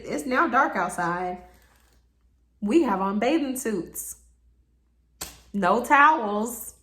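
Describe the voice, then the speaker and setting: Brief: young woman storyteller, fairly high voice, animated and profane, roomy echoey sound. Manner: animated, swears freely, acts out quotes. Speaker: storytime vlogger. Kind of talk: casual storytelling to camera. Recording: roomy echo.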